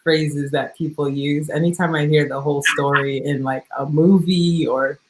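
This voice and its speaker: A woman's voice: low voice, fairly even intonation, moderate pace, background noise. A woman hosting a casual interview, upbeat and laughing often as she chats with her guest. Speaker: host.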